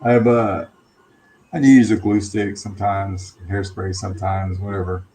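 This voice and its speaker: Man, lowish voice, easygoing, teasing, livestream chat, faint noise behind. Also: level tone, normal speed, mellow. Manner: easygoing, teasing, laughs often. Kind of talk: casual chat, reading viewer comments.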